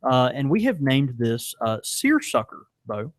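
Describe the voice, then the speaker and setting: A man's voice: medium pitch, very animated, measured pace, dry recording, clean studio sound. A man, co-hosting a casual podcast from a small pipe shop, laughing often and tripping over his words. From American South. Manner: laughs often, stumbles and restarts. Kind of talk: casual chat.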